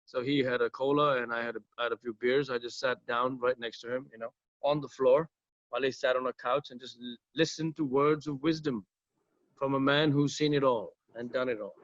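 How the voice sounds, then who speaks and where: A man tells stories in a loose, rambling way, full of "uh"s, false starts and casual swearing. His voice sits at an ordinary middle pitch. The recording is dry and a little dull, like lo-fi audio. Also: fairly even intonation, brisk, no echo. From South India. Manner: rambling, profane, many fillers and restarts. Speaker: musician guest. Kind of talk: casual storytelling interview.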